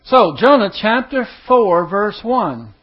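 A man preaching a sermon, teaching verse by verse and acting out the words of scripture with lively emphasis. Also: sits high, slow. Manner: animated, acts out scripture voices with emphasis. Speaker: pastor. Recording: dull lo-fi sound.

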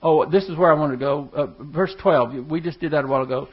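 A man preaching a sermon, teaching verse by verse and acting out the words of scripture with lively emphasis. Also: on the high side, quick pace, breathy edge. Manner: animated, acts out scripture voices with emphasis. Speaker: pastor. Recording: dull lo-fi sound.

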